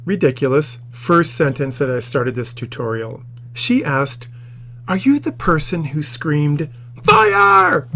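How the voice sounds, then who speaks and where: Man, teacher, grammar tutorial, patient explaining, slightly high voice, office. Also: a little hiss or hum. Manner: explains patiently, acts out quoted lines with loud shouts.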